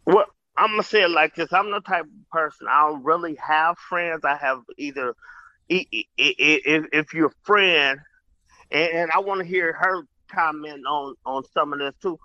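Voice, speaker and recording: A man's voice: fairly high pitch, moderate pace, bright, forceful tone, no echo. A man talking emphatically in a casual group discussion, repeating words and swearing casually. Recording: muffled lo-fi sound.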